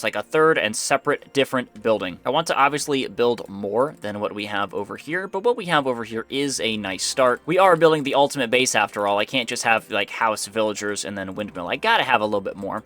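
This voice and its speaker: A man's voice: medium pitch, a bit bright. A young man giving casual, rambling commentary to himself while playing a building game. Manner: rambling, self-talking, easily startled. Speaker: gaming YouTuber. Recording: faint background music.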